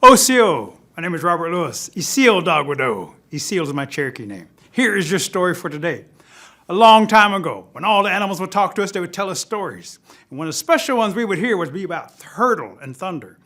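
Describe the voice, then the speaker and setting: Male storyteller, expressive, bright voice, fairly high, animated oral tale. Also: fairly quick. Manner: lively, expressive. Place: studio.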